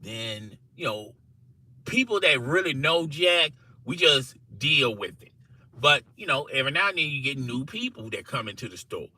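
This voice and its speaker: A man telling a funny workplace story to camera in an animated, conversational way, often checking in with "okay?" and "you know". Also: medium pitch, normal speed, poor audio. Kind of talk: casual story told to camera.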